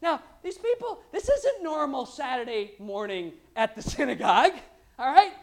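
Lively woman preaching a sermon. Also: sits high, moderate pace. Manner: lively and conversational, with humorous asides.

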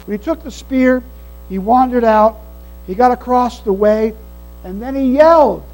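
Pastor guy preaching, really high voice, earnest and emphatic, mains hum behind. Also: a little slow, darkish tone, low-quality recording. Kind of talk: sermon.

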